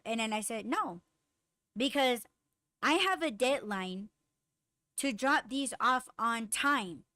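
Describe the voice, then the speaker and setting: Young adult woman podcast host, casual and profane storyteller, slightly high voice, dry close sound. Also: takes it slowly, clean tone, no room sound. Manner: profane, animated, lots of fillers and quoted dialogue.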